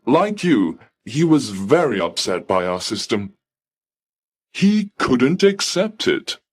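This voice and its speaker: A man voicing a polite, unbending male receptionist at heaven's gate who speaks formally and calmly. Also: mid-range voice, pitched above the performer's own voice. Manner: formal, calm, coolly polite.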